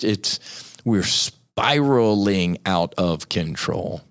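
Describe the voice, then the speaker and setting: A middle-aged American man hosting a podcast, delivering a blunt, profane, fired-up monologue. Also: lowish voice. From United States. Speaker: podcast host. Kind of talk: impassioned monologue.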